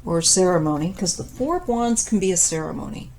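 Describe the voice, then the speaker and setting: Woman, 50s, tarot reader; low, dark, slow delivery with fillers, voice fading, faint background noise. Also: lively intonation. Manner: unhurried, thoughtful, with frequent pauses and fillers. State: losing her voice. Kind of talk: casual tarot reading monologue.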